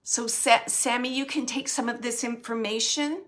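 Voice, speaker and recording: A woman working as a medium, giving a live reading to an audience member, animated and searching as she relays messages in quoted speech. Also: on the high side, normal speed. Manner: searching, self-correcting phrasing.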